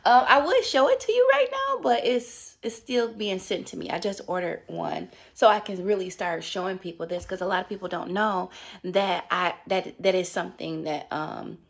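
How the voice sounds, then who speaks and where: A woman's voice: fairly low pitch, moderate pace, creaky. A middle-aged woman vlogging about her juicing journey in a casual, upbeat, chatty way, with many fillers. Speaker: wellness vlogger. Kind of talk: casual motivational vlog.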